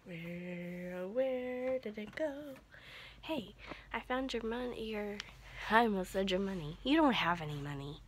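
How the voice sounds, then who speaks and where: A woman vlogging at home, half-whispering so she won't wake people and switching to a high sing-song voice when talking to her dog. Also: expressive, measured pace, slight background noise. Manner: often half-whispering to keep quiet. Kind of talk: casual home vlog talking to her pets. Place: home indoors.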